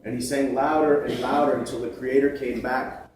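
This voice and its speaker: A man acting as emcee and storyteller, telling a traditional story on a large theatre stage in a measured, animated way with playful asides. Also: medium pitch, background noise. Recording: echoey theatre from far off.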